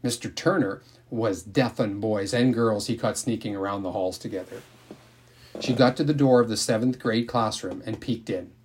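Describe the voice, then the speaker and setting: A man narrating a novel aloud in a calm, measured storytelling manner. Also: lowish voice, slightly rough. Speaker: audiobook narrator.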